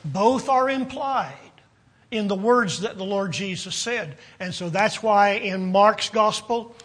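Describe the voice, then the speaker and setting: A man preaching a sermon, reading King James scripture and explaining it with slow, deliberate phrasing. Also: sits high, fairly bright tone. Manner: slow, deliberate delivery with long pauses between phrases. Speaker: pastor.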